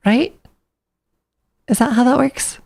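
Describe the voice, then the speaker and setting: A woman's voice: sits high, slow, gravelly, a little mellow. A woman streamer chatting casually, rambling and thinking aloud to herself.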